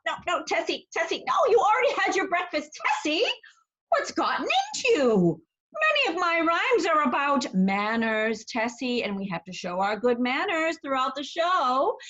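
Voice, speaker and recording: A woman's voice: high-pitched, pushed and bright, dull audio, exaggerated voice. A woman performing as a cheerful motherly Mother Goose, coaxing children in a sing-song way and singing and reciting nursery rhymes. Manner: sings and recites rhymes, rapid tongue twisters.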